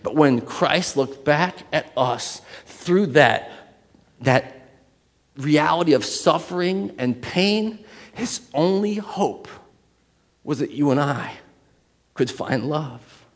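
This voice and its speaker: A man preaching a sermon as pastor, shifting between loud emphatic passages and hushed ones, and acting out inner voices. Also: fairly high pitch, lively intonation, slow pace, long reverb tail.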